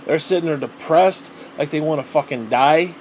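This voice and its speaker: Man, solo vlog rant, swears a lot, rambling, somewhat high-pitched, faint background hum. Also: normal speed. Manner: profane, rambling and exasperated. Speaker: vlogger.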